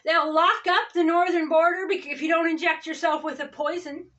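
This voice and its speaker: Impassioned high-voiced woman preacher. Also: fairly even intonation, normal speed, muffled recording. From United States. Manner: impassioned, repetitive "okay?" asides, swings from loud to low. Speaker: all-faith pastor. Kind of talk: ranting sermon-style talk.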